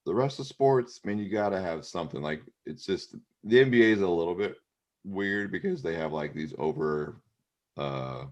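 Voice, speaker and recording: Low-voiced male co-host, loose rambling sports chatter. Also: animated, moderate pace, muffled recording. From Pacific Northwest of the US. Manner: rambling, loose storytelling with many fillers. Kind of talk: casual sports chat.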